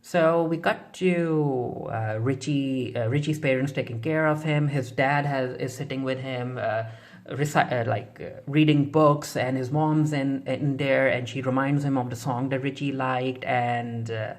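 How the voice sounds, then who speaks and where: A casual, chatty reviewer walking through a TV episode with plenty of fillers and restarts. The voice sits at a middling pitch and keeps slipping into retold dialogue between characters. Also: fairly even intonation, unhurried. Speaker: TV show reviewer. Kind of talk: casual spoken episode recap.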